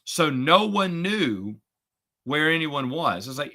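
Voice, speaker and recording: A middle-aged man in casual chat, a podcast host who talks in a sarcastic, chatty way and gets animated when retelling a story. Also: fairly high pitch, takes it slowly.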